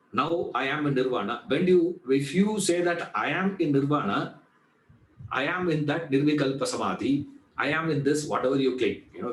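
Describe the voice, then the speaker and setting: Echoey man teaching a class. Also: fairly high pitch. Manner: conversational, repeats "you know", asks rhetorical questions and answers them. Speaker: Vedanta teacher. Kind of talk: spoken class lecture.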